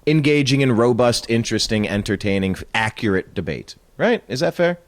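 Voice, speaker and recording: A man hosting an interview, speaking in a measured, reflective way and often trailing off quietly. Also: mid-range voice, animated. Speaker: interview host. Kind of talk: casual interview chat.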